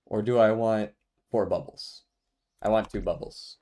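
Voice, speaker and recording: This streamer has a fairly low, steady, mellow voice and speaks at a measured pace. Relaxed and quick to laugh, he talks to his chat while gaming and thinks out loud.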